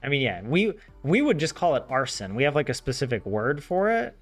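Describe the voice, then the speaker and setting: A man's voice: mid-range voice, a little fast. A man with a Southern American accent, chatting casually and rambling with lots of fillers as he studies a language on his vlog. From southern United States. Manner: rambling, many "like" fillers, animated asides. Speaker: language learner host. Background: soft game music.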